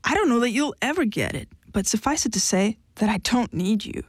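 A woman's voice: fairly high pitch, expressive, fairly quick, husky, dry recording, studio quality. A woman voicing a blunt, defiant young woman, cutting and dismissive, in an audiobook reading. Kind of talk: audiobook character voice.

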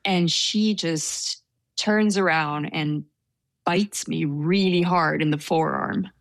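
A woman with a fairly low voice tells a story in an easygoing, hesitant way. Her delivery is self-deprecating and full of fillers. The sound is dry and close. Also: slow, gravelly, no room sound. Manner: hesitant, self-deprecating, laughs while telling. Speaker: interviewee telling a story. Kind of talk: casual storytelling.

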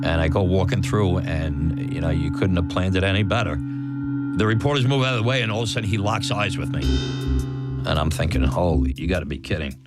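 A man candidly retelling a memory from his youth, acting out quotes and laughing as he goes. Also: low voice. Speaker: storyteller recalling his own experience. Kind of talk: personal storytelling. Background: music.

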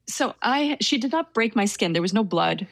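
A woman telling a story in casual conversation, soft-spoken and hesitant with many fillers. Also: a little high, expressive, normal speed, gravelly, dry recording. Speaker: storyteller guest.

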